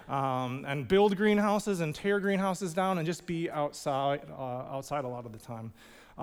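High, smooth-voiced man preaching a story. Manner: casual, humorous storytelling with many "like" fillers. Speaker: pastor. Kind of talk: storytelling sermon. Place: church sanctuary. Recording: long reverb of a large hall.

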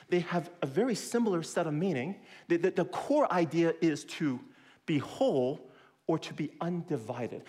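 Emphatic higher-voiced male pastor preaching. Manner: emphatic, repeats key points slowly; acts out quoted voices with big pitch jumps. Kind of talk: sermon.

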